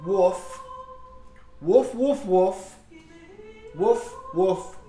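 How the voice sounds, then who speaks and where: Stubborn dog, male, insistent barking, loud, a man voicing it, echoey. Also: high-pitched, extremely slow. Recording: roomy, faint music behind.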